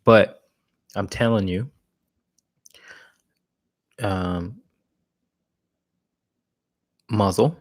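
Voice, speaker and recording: A man's voice: on the low side, fairly even intonation, extremely slow, pauses often. A man who trains dogs, answering viewer questions in a live Q&A in a blunt, casual way with frequent restarts. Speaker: dog trainer. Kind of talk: live Q&A talk.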